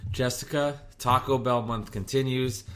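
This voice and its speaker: A man's voice: mid-range voice, steady tone, a little slow, fairly bright tone. A man, hosting a casual podcast from his home garage, jokey and self-deprecating. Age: 30s. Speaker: podcast host. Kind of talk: casual podcast chat and host-read ads.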